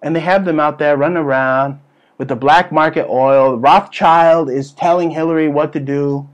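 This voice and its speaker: A man's voice: on the high side, steady tone, normal speed, muffled recording. Brash, ranting male comedy host. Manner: brash, crude, loud and ranting. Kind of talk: comedic political rant.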